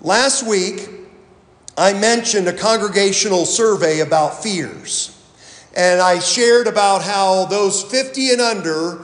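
Man, pastor, sermon, high voice, slow deliberate delivery, echoey church hall. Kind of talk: sermon with scripture reading. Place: church sanctuary. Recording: roomy hall with long reverb.

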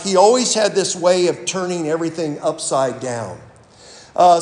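Man, pastor, sermon, high voice, slow deliberate delivery, echoey church hall. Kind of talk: sermon with scripture reading. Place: church sanctuary. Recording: roomy hall with long reverb.

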